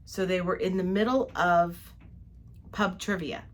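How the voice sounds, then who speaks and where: Her voice is on the low side, unhurried, with fairly even intonation. Speaking from a ship cabin as co-host of a travel vlog, this older woman gives a casual, detailed recap of her day, full of chatty storytelling and frequent laughter.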